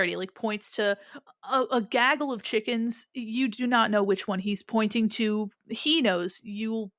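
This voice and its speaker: A woman's voice: fairly high pitch, fairly even intonation, unhurried, fairly bright tone, no room sound, clean studio sound. A woman narrating a tabletop game as game master, playful and rambling.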